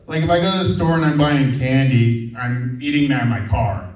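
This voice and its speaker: A man's voice: mid-range voice, moderate pace. A man in his thirties doing a stand-up comedy set, rambling and hesitant with lots of fillers. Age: 30s. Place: comedy venue with live audience. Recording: roomy, from far off.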